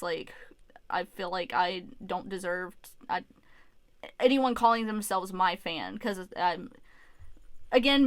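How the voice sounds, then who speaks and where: A young woman talks straight to camera in a candid storytime vlog, emotional and open, with frequent restarts and casual swearing. Her voice sits a little high, and the sound is dry and close. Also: no room sound. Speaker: YouTuber.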